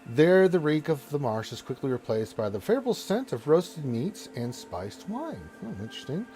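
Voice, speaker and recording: A man's voice: fairly high pitch, big pitch swings, normal speed, warm tone. A man narrating a tabletop game as game master, rambling with restarts.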